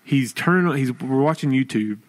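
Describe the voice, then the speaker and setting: A young man co-hosting a podcast, telling lively stories about his young son in casual chat. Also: medium pitch, fairly quick. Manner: animated storytelling, acting out his son. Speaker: podcast co-host.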